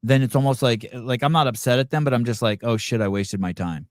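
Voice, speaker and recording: A man's voice: medium pitch, fast talker, no room sound. A man hosting a podcast, chatting casually with a guest, swearing now and then. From California. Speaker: podcast host.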